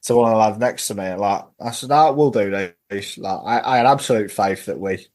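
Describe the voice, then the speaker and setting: A man's voice: on the low side, brisk, darkish tone. A man in casual podcast chat, telling funny stories as a football-fan guest and laughing at his own tales. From England.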